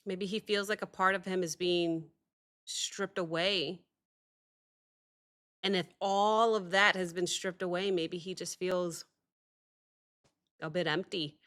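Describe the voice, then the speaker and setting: A woman hosting a music reaction video, talking casually and excitably, often apologizing and thinking out loud. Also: fairly low pitch, a little slow, long pauses.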